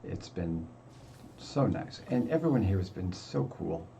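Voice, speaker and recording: An older man talks casually over his gameplay, chatty and quick to poke fun at himself. His voice is low, gravelly and mellow. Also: animated, slight background noise. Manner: chatty and self-deprecating. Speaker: gaming video host.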